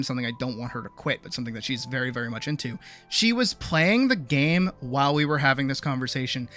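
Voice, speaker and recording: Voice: mid-range voice, a bit bright. A streamer telling a long, frustrated story in a casual livestream rant, full of restarts and asides. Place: home streaming setup.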